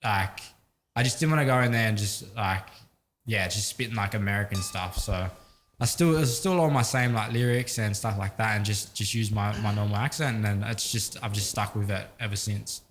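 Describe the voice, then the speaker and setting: A man's voice: lowish voice, brisk, a little hiss or hum. A young man from Sydney with an Australian accent, telling stories as a guest in a casual interview with lots of fillers. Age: young adult. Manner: laid-back storytelling, lots of fillers. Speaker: guest rapper.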